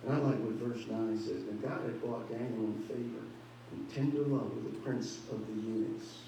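A man's voice: lowish voice, steady tone, moderate pace, mellow. A man preaching a sermon as pastor, building emphasis and acting out conversations. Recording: very echoey hall, mic far off, faint hum.

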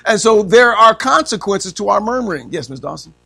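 A man's voice: high-pitched, expressive, brisk, creaky, pushed and bright. A man teaching a church Bible class, quizzing the group and saying amen after nearly every point, with frequent chuckles. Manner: says amen constantly, asks the class questions; chuckles often.

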